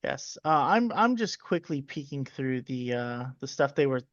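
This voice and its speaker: Dry-humored podcast co-host, dull sound. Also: male voice, medium pitch, sing-song, moderate pace, fairly bright tone, no room sound. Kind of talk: casual chat.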